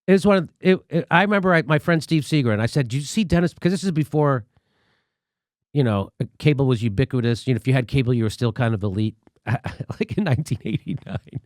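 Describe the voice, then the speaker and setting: A man's voice: mid-range voice, animated, fast talker, dry recording, studio quality. A man hosting a comic political commentary show, ranting sarcastically and swearing often. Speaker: host.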